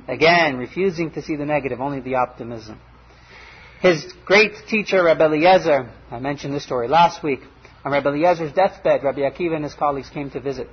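A man teaching a Torah class, telling stories with animated, acted-out quotes. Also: fairly high pitch, brisk, breathy edge, lo-fi sound. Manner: animated storytelling, acts out quoted voices. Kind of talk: storytelling Torah lecture.

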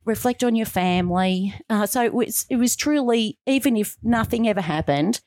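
A woman's voice: fairly high pitch, normal speed, dry recording, clean studio sound. A middle-aged woman, a guest on a radio show, chatting casually and bringing her story to life by acting out the voices in it. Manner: animated storyteller, acting out quotes. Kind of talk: casual interview chat. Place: radio studio.

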